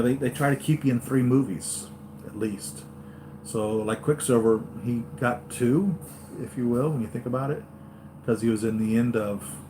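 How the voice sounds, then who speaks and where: A man hosting a live stream for his toy-collector channel, chatting excitedly and going off on tangents, with lots of fillers and restarts. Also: mid-range voice, noisy background. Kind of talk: rambling live-stream fan chat.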